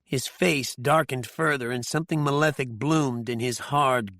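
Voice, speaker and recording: A man narrating an audiobook thriller in a measured, even storytelling manner. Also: medium pitch, no room sound, clean studio sound.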